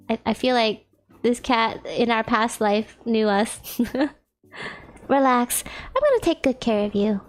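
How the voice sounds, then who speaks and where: A woman game streamer reading a visual novel aloud, playful and giggly, joking between the read lines. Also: fairly high pitch.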